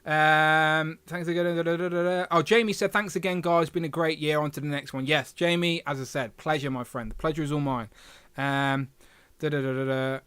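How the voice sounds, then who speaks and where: A man's voice: a little high, fairly even intonation, brisk, a bit bright, clean tone, no room sound. Chatty man hosting a livestream. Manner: chatty, reads chat aloud, filler hums. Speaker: livestream host. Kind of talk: casual livestream chat.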